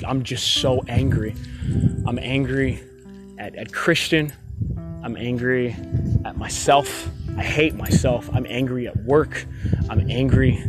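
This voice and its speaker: Young man venting over loud guitar. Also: medium pitch. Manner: rambling, frequent restarts, swearing, heated. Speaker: store worker venting. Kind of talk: personal confessional monologue. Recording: loud guitar music behind the voice.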